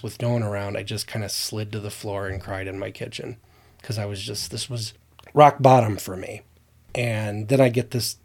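A man's voice: lowish voice, darkish tone. Earnest man telling heartfelt stories. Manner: earnest, heartfelt storyteller who acts out what others said. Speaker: podcast co-host. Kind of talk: casual podcast chat.

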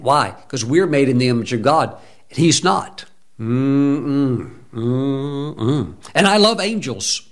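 A middle-aged man preaching a sermon from the pulpit. He speaks emphatically, drawing words out and humming between phrases. His voice sits at an ordinary male pitch. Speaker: pastor.

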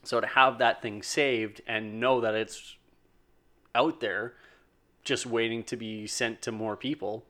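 A man's voice: medium pitch, fairly even intonation, slow, fairly bright tone. A man co-hosting a casual chat, reasoning things through and often repeating words as he starts. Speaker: podcast co-host.

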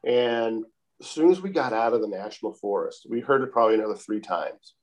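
A man calmly telling a long outdoor story in a casual interview, with many repeated "I said" tags. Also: fairly low pitch. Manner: calm, unhurried, repeats "I said" often.

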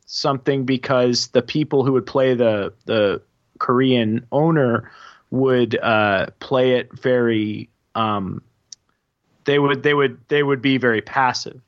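A man co-hosting a casual film discussion, explaining in a halting way with many fillers. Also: mid-range voice, steady tone, no echo. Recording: dull lo-fi dry sound.

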